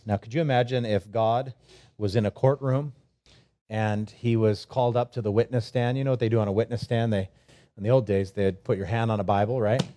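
A middle-aged man delivers a relaxed, conversational sermon in a mellow, warm voice. He reads scripture aloud, slips in light jokes, and acts out short imagined prayers. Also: lowish voice, fairly quick. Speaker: pastor.

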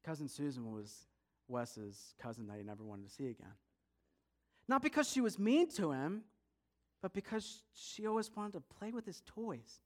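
A man telling a story to an audience, lively and speaking straight to his listeners. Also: fairly high pitch, normal speed.

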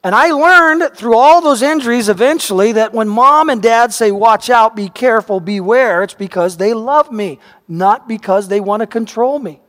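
Male pastor with a high voice, animated storytelling sermon, recorded in a reverberant church sanctuary. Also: moderate pace, hardly any pauses. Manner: animated storyteller, voice rising and shouting at dramatic moments. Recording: long reverb of a large hall.

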